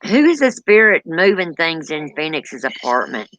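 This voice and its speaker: A host running a live spirit box session, asking questions in a calm, drawn-out way. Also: medium pitch, no echo, rough recording. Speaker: paranormal stream host.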